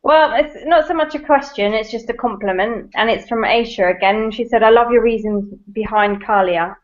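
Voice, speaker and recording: A woman's voice: a little high, normal speed. A woman reading out viewer comments, cheerful and laughing between them. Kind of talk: casual chat. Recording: dull lo-fi online stream audio.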